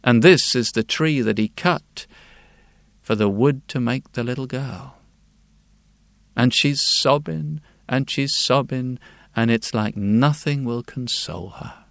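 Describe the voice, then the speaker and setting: A man telling a fairy tale in a hushed, repetitive, lulling way. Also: mid-range voice, takes it slowly, vocal fry, no echo. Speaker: storyteller. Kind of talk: slow fairy-tale storytelling.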